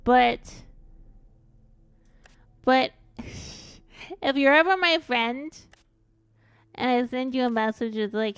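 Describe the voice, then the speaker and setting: A woman's voice: on the high side, slow pace, long pauses, smooth, no echo. A woman streaming a game and chatting casually, rambling along with frequent giggles and calling herself by her own nickname. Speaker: VTuber streamer.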